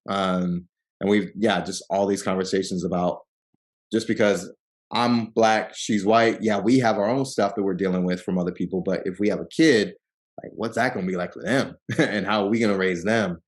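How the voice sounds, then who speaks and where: A man from Seattle, a podcast guest, telling personal stories in a casual, relaxed way full of "like" and "um", acting out the people he quotes. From Seattle, Washington. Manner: relaxed storyteller who acts out quoted people with lively jumps in pitch; frequent fillers like "like" and "um". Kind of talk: casual storytelling interview.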